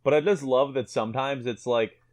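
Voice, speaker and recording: A man's voice: mid-range voice, normal speed. A man chatting casually on a comics podcast, acting out comic book lines as he talks. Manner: animated, acts out comic dialogue. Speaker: podcast panelist.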